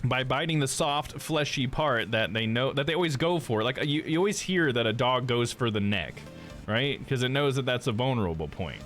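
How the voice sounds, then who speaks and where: A male streamer chats loosely while playing a game, laughing often and dropping "dude" into his sentences. His voice is mid-pitched and very animated. Soft game music plays faintly in the background. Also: normal speed.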